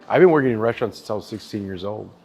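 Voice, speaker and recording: A man in his thirties, a barbecue restaurant chef-owner, telling his story in a casual interview, animated and swearing freely, calling the listener dude and brother. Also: fairly low pitch, racing, soft background music.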